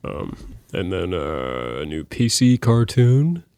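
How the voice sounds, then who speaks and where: A man's voice: low-pitched, very animated, takes it slowly, mellow, clean tone, no room sound. A man co-hosting a podcast, chatting casually in a laid-back, offhand way. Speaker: podcast co-host. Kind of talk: casual chat.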